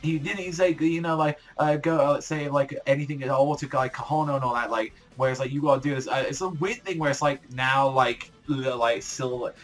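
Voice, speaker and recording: A man's voice: medium pitch, normal speed, hardly any pauses, soft background music. A man reviewing a comic chapter in casual, rambling commentary, full of fillers and swearing. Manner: rambling, heavy filler words, swears often. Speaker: manga reviewer.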